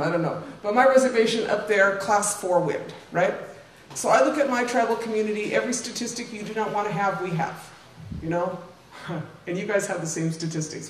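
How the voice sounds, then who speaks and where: Her mid-range voice comes through a distant mic in a lecture room, sounding roomy with faint ambience and slight background noise. She's an older invited speaker giving a chatty, informal public talk with slides, full of asides and tag questions aimed at the audience.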